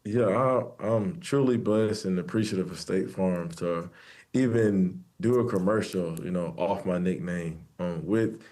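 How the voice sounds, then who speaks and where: A man in his thirties giving a casual interview as a football player. He speaks in a soft-spoken, laid-back way and fills his sentences with ums. His voice sits very low. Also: measured pace.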